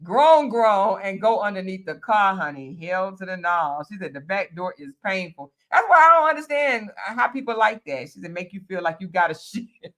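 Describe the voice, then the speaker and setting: Animated woman hosting a live chat. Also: medium pitch, normal speed. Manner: animated, laughing, teasing, talks straight to viewers. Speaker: livestream host reading viewer comments. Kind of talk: casual live-stream chat.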